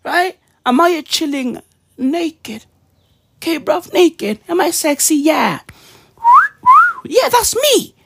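A woman's voice: high voice, lively intonation, slow pace. A woman vlogger in a profane, slangy comedic rant, mimicking sounds as she goes.

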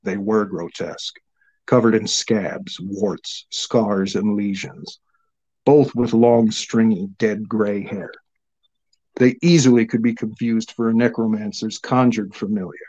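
A man narrating a fantasy story in a steady, measured reading. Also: on the low side, highs cut off.

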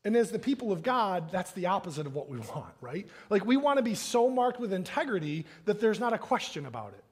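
Husky high-voiced male pastor preaching casually. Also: big pitch swings, fairly quick. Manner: casual, uses fillers and "right?" often. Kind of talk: conversational sermon. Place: church sanctuary.

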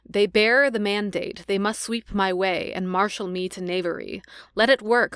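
Hamlet, read by a woman, slow and deliberate. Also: medium pitch, fairly bright tone, clear, resonant tone, dry recording, studio quality, lightly acted. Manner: slow, deliberate reading without an accent. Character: Hamlet, brooding scheming young prince.

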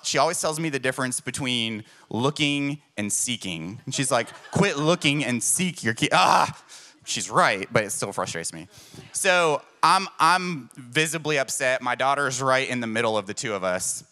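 A male pastor delivering a sermon, shifting between emphatic personal stories and earnest, self-mocking asides. His voice is bright and forceful, at an average pitch for a man. He preaches to a church crowd that answers him with amens. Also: expressive, moderate pace. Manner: emphatic storytelling, self-deprecating.

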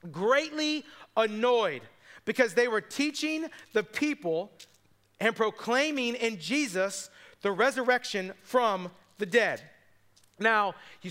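A male pastor preaches a sermon. His voice sits high and sounds bright. He tells the story with quick asides and voices the people in it.

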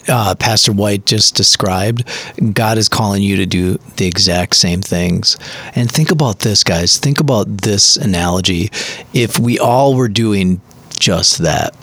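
A man hosting a casual conversation, enthusiastic and full of fillers and quick affirmations. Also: fairly low pitch, fairly bright tone. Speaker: host and teacher.

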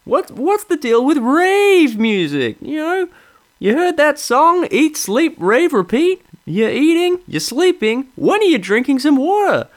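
A man's voice: very high voice, sing-song, measured pace, pitched above the performer's own voice, heavily acted. A man putting on a smug male stand-up comedian, delivering observational riffs in a sing-song wise-guy voice. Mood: smug riffing.

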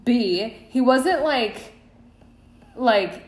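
A woman's voice: fairly high pitch, expressive, very slow. A young woman co-hosting a podcast, chatting casually and swearing freely as she tells stories about her new job. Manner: candid storytelling, swears freely. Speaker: podcast co-host. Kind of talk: casual chat. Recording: echoey room, faint noise.

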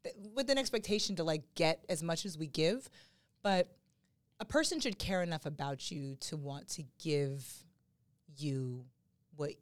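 A woman's voice: low-pitched, dry recording. A woman co-hosting a podcast in casual chat, rambling and joking as she talks. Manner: chatty, rambling, quick to joke. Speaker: podcast co-host.

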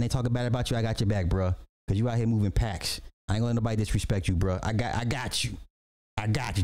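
Casting note: man, podcast host, loose animated slangy commentary, frequent laughs, mid-pitched voice. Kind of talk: casual livestream commentary.

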